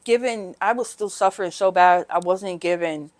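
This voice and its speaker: A middle-aged woman, a guest on a recovery podcast, telling her story candidly and haltingly, often tagging "right?" and "you know". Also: on the low side, a little mellow.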